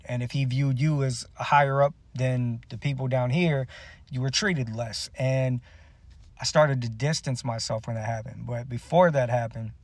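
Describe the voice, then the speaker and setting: A man's voice: mid-range voice, darkish tone, no room sound. A man and musician telling a personal story to camera in a blunt, bitter, profane way. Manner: bitter, aggrieved retelling.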